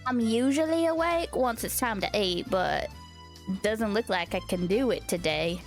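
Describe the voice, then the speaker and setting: A woman's voice: mid-range voice, expressive, measured pace, faint music behind. A woman voicing a drowsy teenage schoolboy who grumbles sleepily while reading a visual novel game aloud. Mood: sleepy.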